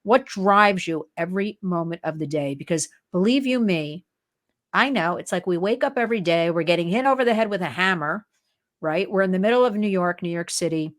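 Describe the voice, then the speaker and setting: Excited older woman host, lowish voice. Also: brisk. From New Jersey. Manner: excited, emphatic, chatty. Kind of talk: interview show.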